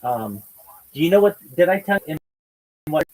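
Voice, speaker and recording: A man's voice: fairly high pitch, sing-song, normal speed, a little mellow, poor audio. A man hosting a casual livestreamed podcast chat, teasing and rambling in a mock-lecturing way. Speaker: podcast host.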